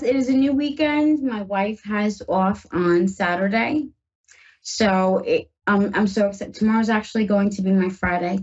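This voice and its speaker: A woman's voice: mid-range voice, a little mellow, lo-fi sound. A woman from the northern United States hosting a live call-in psychic radio show, chatty and reassuring as she reads tarot and talks to her listeners.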